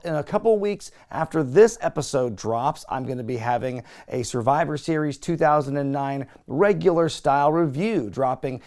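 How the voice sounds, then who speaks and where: A young man hosting a casual wrestling recap, animated and sarcastic, laughing often. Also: medium pitch. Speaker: wrestling review host.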